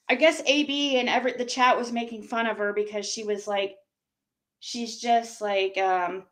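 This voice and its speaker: Woman streamer cussing and venting to chat, high sharp voice. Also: fairly even intonation, normal speed. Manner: profane, heated, talks straight to her chat. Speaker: livestreamer. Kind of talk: angry livestream rant to chat.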